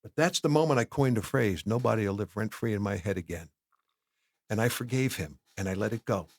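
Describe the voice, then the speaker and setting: A middle-aged man tells his story as a podcast guest, his voice low and gravelly. He talks candidly and acts out the conversations he quotes. The sound is close and dry, with no room echo. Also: fairly quick. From New Jersey. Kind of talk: personal storytelling in a podcast interview. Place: podcast studio.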